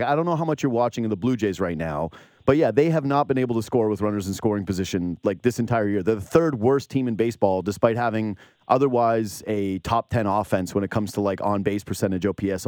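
A Canadian man hosting a casual sports talk show, ranting with incredulous, animated asides. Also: fairly low pitch, no echo, studio quality. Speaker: podcast host.

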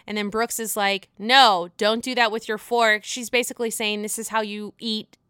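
A woman's voice: mid-range voice, flat delivery, moderate pace, bright, forceful tone, smooth, no echo, clean studio sound. A young woman casually recapping a reality show episode, chatty and swearing freely while acting out what people said.

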